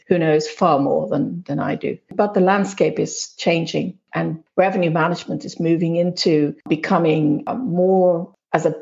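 A woman's voice: on the low side, vocal fry, a little mellow, dull audio. A woman on a panel, talking thoughtfully with hesitant restarts. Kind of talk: casual panel discussion.

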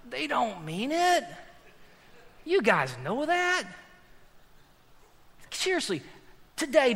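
A man preaches from a church stage, his voice pitched high for a man. He swings from hushed, slowed lines to loud, driving shouts. A long reverb from the large hall trails each phrase. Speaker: pastor. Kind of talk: sermon.

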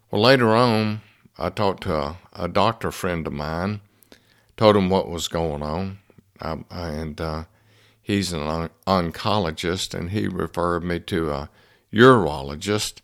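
A man, telling a personal story in a folksy, homespun, unhurried way as a motivational speaker. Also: low-pitched, vocal fry. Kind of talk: storytelling talk.

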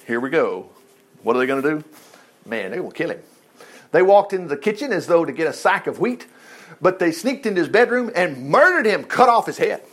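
A man with a high voice that swings widely up and down leads a casual Bible lesson. He talks in a folksy, chatty way, breaking off for asides and firing rhetorical questions at his listeners. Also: sing-song, a little fast. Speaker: Bible teacher.

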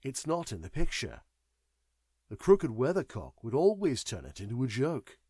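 A man's voice: mid-range voice, huge pitch swings, normal speed, dark tone, husky, no echo, studio quality, exaggerated voice. A man doing a wry, world-weary man. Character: weary, knowing older man, detached and wry.

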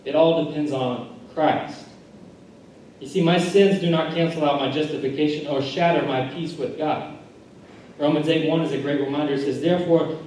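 A man's voice: on the high side, dark tone, a little hiss or hum. A man, a pastor, preaching a sermon in earnest, repeating phrases and restarting his sentences. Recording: echoey church hall recording from far off.

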